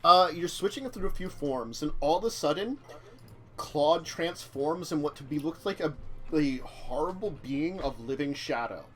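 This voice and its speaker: A man's voice: fairly high pitch, lively intonation, moderate pace. A man running a tabletop game as game master, narrating loosely and filling his talk with "like". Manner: rambling, many "like" fillers.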